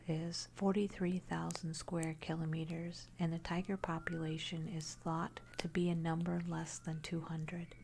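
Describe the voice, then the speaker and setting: A woman narrating a first-person horror story in a hushed, unvoiced whisper throughout. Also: deep voice, little pitch movement, measured pace, creaky, few pauses, a little hiss or hum.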